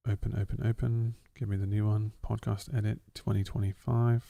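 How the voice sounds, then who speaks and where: A man's voice: on the low side, flat delivery, a little fast, gravelly, dark tone. A man co-hosting a casual podcast chat in a studio, rambling and cutting himself off mid-sentence, with the odd swear. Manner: rambling, self-interrupting, sweary. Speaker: podcast co-host.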